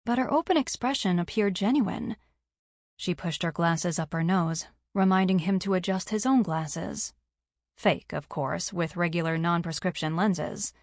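A woman narrating a romance novel in a steady, even reading. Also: fairly low pitch, measured pace, dry recording, clean studio sound. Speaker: audiobook narrator.

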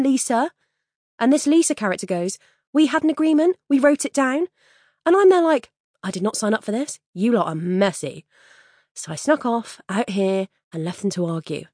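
A woman's voice: medium pitch, darkish tone, no room sound, clean studio sound, pitched above the performer's own voice, natural voice. A woman voicing a weary, self-deprecating young woman, talking wryly and frankly about her night out. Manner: wry and frank.

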